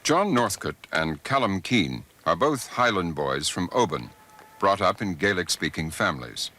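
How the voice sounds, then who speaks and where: A middle-aged man narrating a documentary as host, measured and expressive. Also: sits low, background noise. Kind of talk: scripted narration.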